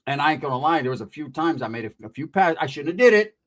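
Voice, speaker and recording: A man's voice: fairly high pitch, very animated, fast talker, a bit bright. A middle-aged man casually telling a story from his past, full of profane street slang and quoted dialogue. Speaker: podcast guest telling a story.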